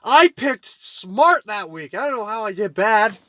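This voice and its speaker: A man co-hosting a casual sports podcast, blunt and quick to argue. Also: high-pitched, animated, bright, forceful tone, no room sound. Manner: blunt, argumentative. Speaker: podcast co-host.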